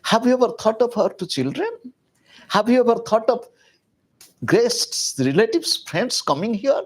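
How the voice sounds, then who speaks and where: Exasperated goddess wife, man voicing her, raised voice, complaining, lively pitch. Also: normal speed, slightly rough, exaggerated voice. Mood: reproachful.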